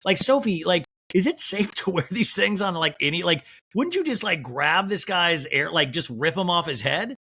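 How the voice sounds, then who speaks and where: A man hosting a podcast in casual chat, animated, swearing freely and saying "like" a lot. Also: high voice, moderate pace, few pauses, husky. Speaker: podcast host.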